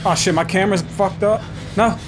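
A gaming channel host with a high voice plays a horror game at his home setup, talking fairly quickly with fairly even intonation. Jumpy and nervous, he cracks jokes and swears constantly over the horror game music.

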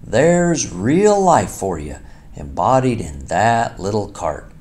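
A man voicing a boastful, excitable male toad in a storybook reading, with a grand, gushing manner. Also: fairly low pitch, slow. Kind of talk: storybook character voice.

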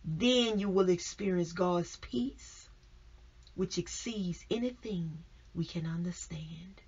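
Slow husky woman preaching fervently. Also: lowish voice. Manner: fervent, swings between raised exclamations and hushed whispers. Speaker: minister. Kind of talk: devotional sermon. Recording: dull lo-fi recording.

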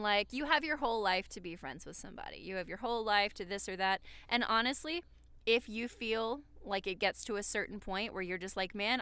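A woman's voice: medium pitch, bright, forceful tone, clean tone, no echo. A woman from Alabama co-hosting a podcast, giving earnest, rambling advice with lots of "like" fillers. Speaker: podcast co-host. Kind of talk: casual advice chat.

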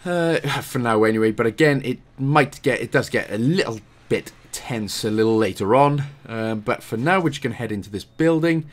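A man's voice: medium pitch, lively intonation, moderate pace. Chatty Welsh man narrating a game. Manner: chatty, self-deprecating, apologetic asides. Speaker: video game walkthrough host. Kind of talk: casual gameplay commentary.

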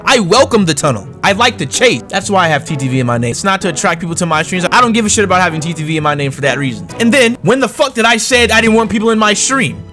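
A man's voice: high voice, sing-song, fast talker, few pauses, sharp tone, soft background music. A man hosting his gaming channel, ranting sarcastically and with plenty of swearing as he mocks the opponents in his matches. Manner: heated, sarcastic and profane, mocking opponents. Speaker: gaming streamer and channel host. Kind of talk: ranting gameplay commentary.

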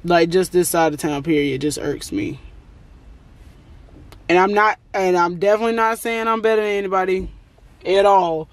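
Fairly low in pitch, she speaks at a moderate pace with long pauses, and there's no echo. A vlogger and lash technician, she rambles chattily about her day into a phone held at arm's length, often exasperated.

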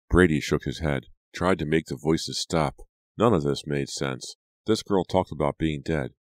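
Deep-voiced male narrator for a teen horror audiobook; dramatic, measured, dry close sound. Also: dry recording.

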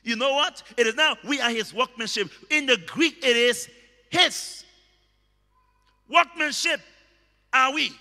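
A man preaching a sermon, emphatic and repetitive, bursting into shouted words. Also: extremely high pitch, long reverb tail. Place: church hall.

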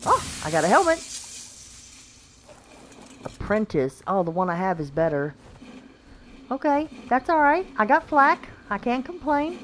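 A woman's voice: on the high side, big pitch swings, a little slow, long pauses, a little hiss or hum. A woman giving casual, chatty gameplay commentary, talking to the creatures on screen and laughing often. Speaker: gaming channel host.

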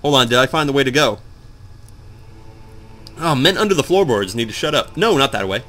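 Groggy guy doing let's play commentary, rambly and sweary, bright voice bouncing up and down, game music faint behind. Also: mid-range voice, a little fast. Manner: rambling, excitable, swears a lot, talks to the viewers. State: groggy, just woke up. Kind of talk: casual gameplay commentary.

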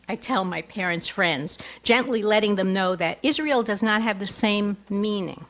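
A woman's voice: medium pitch, animated, unhurried, few pauses, fairly bright tone. A middle-aged woman, an author, reads her personal essay aloud at a lecture with a wry tone, adding asides to the audience. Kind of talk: live reading with asides to the audience. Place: lecture hall before an audience.

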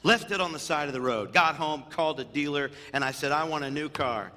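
A man, a senior pastor, preaching a sermon in a church, telling stories with humor and moving between loud animated bursts and hushed, tender moments. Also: fairly high pitch, fairly quick. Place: church sanctuary. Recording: long hall reverb in a church.

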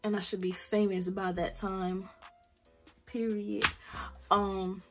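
A woman's voice: mid-range voice, little pitch movement, takes it slowly, soft background music. Blunt teen girl with a South Carolina accent. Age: late teens. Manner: blunt, slangy, swears freely. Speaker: vlogger. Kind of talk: casual Q&A vlog.

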